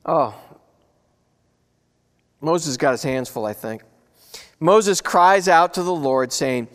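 A man's voice: a little high, lively intonation, slow pace, pauses often, long reverb tail. A man preaching a conversational sermon, asking his listeners rhetorical questions. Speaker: pastor.

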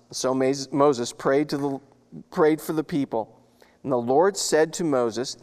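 A man's voice: fairly high pitch, lively intonation, normal speed, big-room sound. A man preaching a sermon as pastor, reading scripture and breaking into folksy, chatty asides.

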